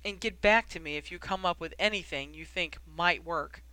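A weary middle-aged wizard official, worn down by his work, who grumbles his way through his complaints with a dry, wry edge, as the audiobook reader puts him on. The voice is bright and crisp and sounds dry and close. He talks briskly, as if he is always pressed for time. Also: medium pitch, no echo, natural voice, low-quality recording.

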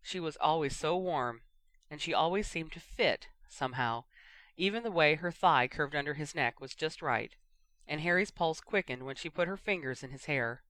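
An audiobook reader narrating a story in a measured way. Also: mid-range voice, lively intonation, bright, forceful tone, no echo.

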